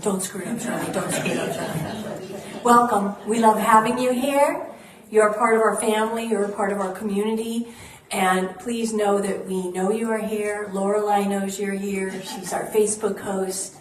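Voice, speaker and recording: A woman minister giving a chatty sermon and announcements in a bubbly, laughing way. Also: mid-range voice. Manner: bubbly, laughing, warm storyteller. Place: church hall. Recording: echoey hall, mic at a distance, faint ambience.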